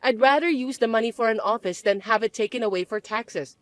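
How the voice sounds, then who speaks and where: A woman as a cool, measured businesswoman. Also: on the high side, dry recording, natural voice. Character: calm self-made businesswoman, young adult. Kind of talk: dramatized story dub.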